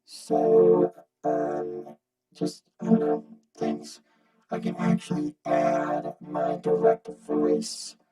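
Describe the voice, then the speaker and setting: A man's voice: a little high, very slow, over music, low-quality recording. A man demonstrating a vocoder in his home basement studio, rambling and thinking aloud through a robotic vocoder voice. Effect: vocoder robot voice played from a keyboard. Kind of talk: casual gear demo. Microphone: separate small vocoder mic. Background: synth chords from his keyboard.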